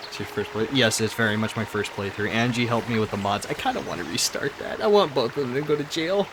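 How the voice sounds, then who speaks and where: A man's voice: medium pitch, animated, quick pace, background noise. A man streaming a game who chats casually, laughs often and talks to his viewers. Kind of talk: casual live-stream chat.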